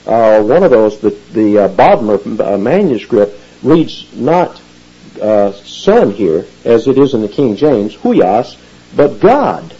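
A man preaching an expository sermon, explaining Bible words with animated emphasis and teacherly asides. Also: fairly low pitch, takes it slowly, slightly rough, lo-fi sound. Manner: animated teaching, rising emphasis on key phrases. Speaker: pastor.

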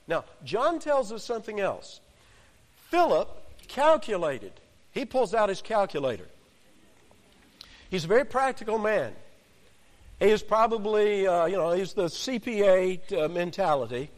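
A man preaching an expository sermon in an animated, conversational way, with joking asides. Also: sits high, measured pace, big-room sound.

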